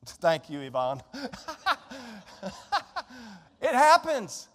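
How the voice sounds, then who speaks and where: A man preaching a sermon to a congregation, shifting between impassioned, conversational preaching and quiet pleading. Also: sits high, huge pitch swings, extremely slow. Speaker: pastor. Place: church sanctuary. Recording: long church reverb.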